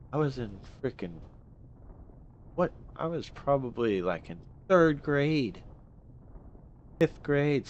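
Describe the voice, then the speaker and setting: A man's voice: on the low side, highs cut off, slight background noise. A young man giving casual gameplay commentary, rambling and complaining in exasperation as he plays.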